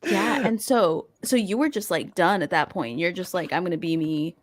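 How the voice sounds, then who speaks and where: A woman's voice: on the low side, animated, normal speed, no echo. Woman host riffing jokes on a podcast, dry close sound. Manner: joking, reactive, riffs with quips. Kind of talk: casual interview chat.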